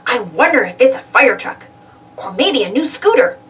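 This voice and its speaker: A woman's voice: on the high side, normal speed, distant mic. A woman voicing an eager, greedy male cartoon duck, who exclaims a lot, a little away from the mic. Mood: curious. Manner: excitable, exclaiming.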